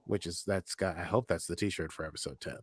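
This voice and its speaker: A man's voice: low-pitched, fairly quick, husky, no echo, studio quality. A man co-hosting a casual show recap, rambling with many fillers and chuckles. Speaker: podcast co-host.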